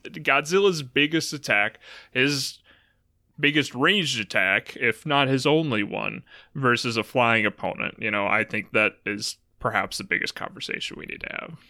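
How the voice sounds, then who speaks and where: Give me a man hosting a casual podcast panel, thinking out loud and stopping to rephrase. His voice is bright and forceful, and the sound is close and dry. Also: mid-range voice, animated, dry recording. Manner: halting, thinks aloud with restarts. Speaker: podcast host.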